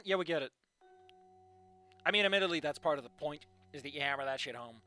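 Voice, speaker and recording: A man's voice: on the high side, fast, pauses often, no room sound, faint music behind. A young man reading fan fiction aloud and critiquing it in a sarcastic, profane rant. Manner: animated, sarcastic, profane ranting.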